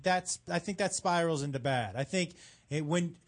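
A man's voice: on the high side, normal speed. A man co-hosting a podcast, blunt and joking in casual chat. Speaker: podcast co-host.

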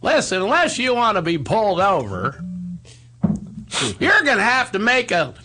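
A man's voice: high voice, wildly swooping pitch, moderate pace, pushed and bright, a little hiss or hum, voice pushed up, exaggerated voice. A man doing an impression of a fussy, nervous small-town deputy sheriff giving a warning. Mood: stern. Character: jittery high-strung small-town male deputy.

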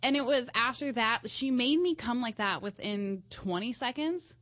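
A woman co-hosting a studio talk show with a fairly high voice. She tells stories in an animated way and often breaks into laughter. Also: moderate pace, no echo. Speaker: co-host. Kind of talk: casual explicit chat.

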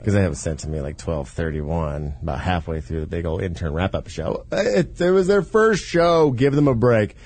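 Sarcastic, husky-voiced radio host. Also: male voice, deep voice, animated, moderate pace, hardly any pauses, darkish tone. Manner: sarcastic, joking, swears freely. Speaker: radio show host taking calls. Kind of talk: casual crude banter.

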